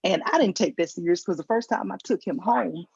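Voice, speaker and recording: A woman's voice: medium pitch, brisk, creaky, darkish tone, slightly rough, no room sound. A woman from Georgia with a Southern accent, doing a virtual stand-up set, telling stories with acted-out quotes and self-mocking asides over a video call. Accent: Southern American. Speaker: stand-up comedian. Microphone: video call mic. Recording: dull lo-fi video call audio.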